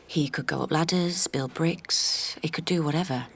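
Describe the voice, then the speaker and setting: An actress playing a worn-down, loving mother of an autistic boy, speaking in a halting, confessional way that often drops to a near whisper. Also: low voice, gravelly, slightly rough, full character voice. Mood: reflective. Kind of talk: radio drama monologue.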